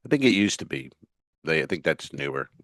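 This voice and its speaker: A man co-hosting a comedy podcast, telling profane, animated stories in casual chat. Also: a bass voice, a little fast, dry recording.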